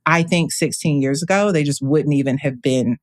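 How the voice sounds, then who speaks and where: A woman's voice: sits low, moderate pace, no echo. A woman in her thirties speaks as a guest on an interview podcast. She talks in a thoughtful, meandering way and often restarts her sentences. Her voice is recorded close and dry. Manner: thoughtful, with many fillers and restarts. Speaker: astrologer guest. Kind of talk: casual interview conversation.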